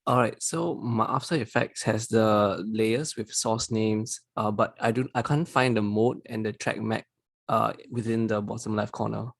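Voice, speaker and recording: A man attending an online workshop, asking a halting question with fillers. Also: lowish voice, steady tone, gravelly, no room sound. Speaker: workshop participant.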